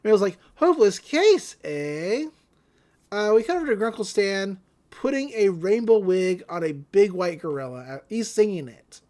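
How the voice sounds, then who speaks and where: A woman co-hosting a podcast, casually recapping a cartoon episode in an animated way with many fillers. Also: mid-range voice, fairly quick. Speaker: podcast co-host.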